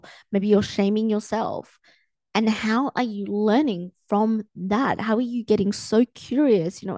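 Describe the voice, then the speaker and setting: A woman's voice: medium pitch, mellow, dry recording. A young adult woman hosting her own coaching podcast, talking casually with lots of fillers and acting out quoted thoughts. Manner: chatty, filler-heavy, acts out quoted thoughts. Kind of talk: casual solo podcast talk.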